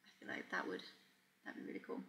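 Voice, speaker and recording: A woman's voice: quick pace, bright, forceful tone. A young woman hosting a casual sewing livestream, chatting easily, reading out comments and laughing often as she works. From Portugal. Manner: chatty, reads chat aloud, laughs often. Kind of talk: casual live-stream chat while sewing.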